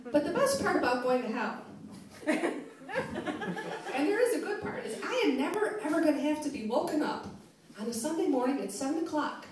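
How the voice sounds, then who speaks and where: A middle-aged woman doing a brash stand-up set in a comedy club, laughing at her own jokes. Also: sits high. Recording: roomy club sound from a distance.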